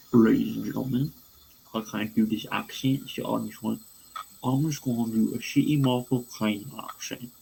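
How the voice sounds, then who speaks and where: A man with a strongly gravelly, creaky voice co-hosting a casual podcast. He tends to restart his sentences before getting them out, and a faint hiss runs under the recording. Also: medium pitch, fairly even intonation, moderate pace, a little mellow, low-quality recording. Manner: stumbling restarts. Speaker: podcast co-host. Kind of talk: casual pop-culture podcast chat.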